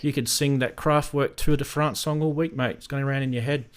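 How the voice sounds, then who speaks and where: A man's voice: mid-range voice, fairly even intonation, a little fast, clean tone. A man with an Australian accent hosting a casual live stream, rambling and greeting viewers in the chat by name. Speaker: host of a synth live stream.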